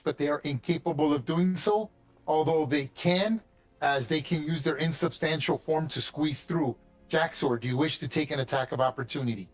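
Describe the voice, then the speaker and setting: Chatty game master, higher male voice. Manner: casual, chatty, swears lightly. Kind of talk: narrating a tabletop game.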